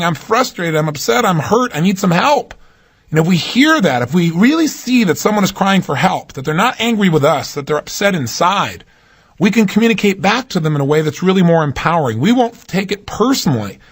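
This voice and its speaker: A man's voice: a little high, breathy edge. A man giving a motivational talk, emphatic and swinging his voice up and down to stress points. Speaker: motivational speaker.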